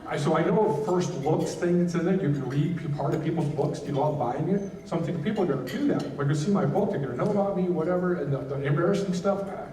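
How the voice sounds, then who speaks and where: A man giving a candid personal testimony as a keynote speaker at a gala, halting often and restarting his sentences. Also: a little high, warm tone, echoey room, recorded from a distance, slight background noise, low-quality recording. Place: gala event hall.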